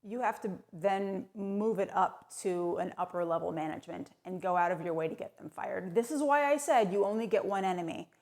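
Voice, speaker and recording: A woman delivering tongue-in-cheek advice in a brisk, sardonic, mock-serious monologue. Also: medium pitch, darkish tone. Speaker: comedic advice vlogger.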